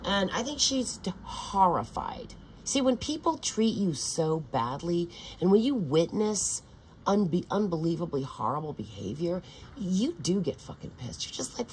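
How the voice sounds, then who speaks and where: A woman's voice: deep voice, very animated, moderate pace, a little mellow, a little hiss or hum, poor audio. An older woman vlogging in a meandering, profane monologue full of restarts. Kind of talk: rambling casual monologue.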